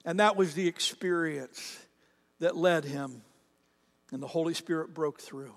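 A man's voice: a little high, measured pace, vocal fry, big-room sound. A male pastor preaching a sermon in a conversational way, acting out the quotes in character voices.

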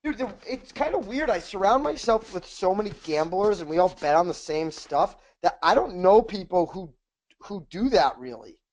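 A man's voice: sits high, lively intonation, normal speed, darkish tone. A man co-hosting a podcast in casual chat, telling rambling, profane stories. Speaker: podcast co-host.

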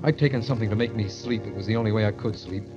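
A man's voice: lowish voice, rapid-fire. A man narrating and acting in an old radio drama, tense and fearful. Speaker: narrator and lead character. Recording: dull old radio play recording with music.

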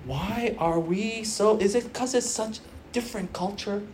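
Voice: mid-range voice, moderate pace, darkish tone, a little hiss or hum. A preacher of Korean background giving an earnest sermon to young churchgoers, repeating phrases for emphasis and restarting often with fillers.

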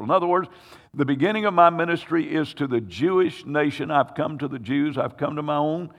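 A man's voice: fairly high pitch, fairly quick, vocal fry, a bit bright. A man preaching a sermon, telling a scripture story dramatically and acting out its voices. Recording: hall reverb.

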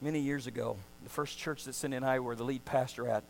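A middle-aged man preaching a sermon as pastor, full of passion and swinging from loud to hushed. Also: mid-range voice, fairly even intonation, quick pace, vocal fry, a little hiss or hum, poor audio.

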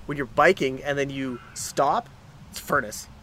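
A man's voice: mid-range voice, unhurried, fairly bright tone, a little hiss or hum. A man co-hosting a casual chat, rambling and stopping to restart, swearing freely.

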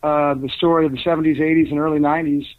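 A man's voice: on the high side, flat delivery, racing. An older man, a guest author, telling long rambling stories in a casual interview, full of fillers and restarts. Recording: tinny phone-like dry sound.

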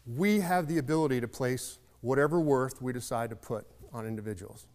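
A man's voice: mid-range voice, brisk, a little mellow, big-room sound. A man giving a sermon, telling a folksy story in a reflective, conversational way. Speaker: preacher.

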